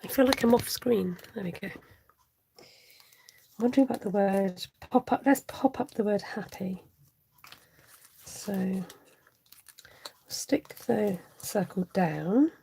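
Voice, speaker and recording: A woman chatting her way through a live card-making tutorial, unhurried and relaxed. Her voice has a soft husky edge, and she giggles often as she reads out viewers' comments. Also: mid-range voice. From United Kingdom. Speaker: crafting channel host. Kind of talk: live-stream craft tutorial chat.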